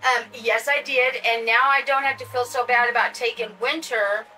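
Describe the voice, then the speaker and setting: A woman's voice: on the high side, steady tone, moderate pace, bright, forceful tone, far from the mic, faint music behind, low-quality recording. An older woman hosting a casual doll unboxing vlog, gushing and chatty as she talks straight to her viewers. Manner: gushing, chatty, addresses viewers as you guys. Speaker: doll channel host.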